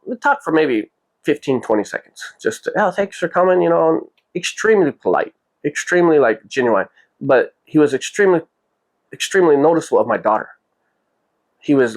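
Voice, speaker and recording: A man's voice: a little high, creaky. A man hosting his own vlog, telling a personal story in a rambling, casual way full of "you know" and quoted dialogue. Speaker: vlog host.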